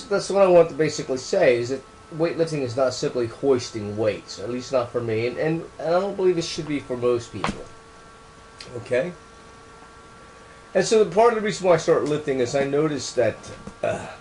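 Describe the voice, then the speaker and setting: A man's voice: mid-range voice, noisy background. A man speaking casually about his book, rambling and repeating words for emphasis. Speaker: author explaining his book. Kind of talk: casual monologue to camera.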